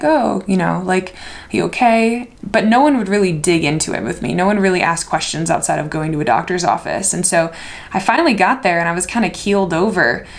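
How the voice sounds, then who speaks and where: Candid, low-voiced young woman storyteller. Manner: reflective, candid, many "like" fillers. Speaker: wellness podcast host. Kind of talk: personal storytelling.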